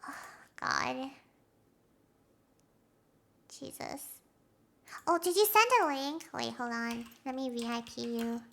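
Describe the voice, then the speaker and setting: A young woman streamer chatting casually with her live audience, giggly and quick to react emotionally. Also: sits high, steady tone, gravelly, fairly bright tone. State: has a headache.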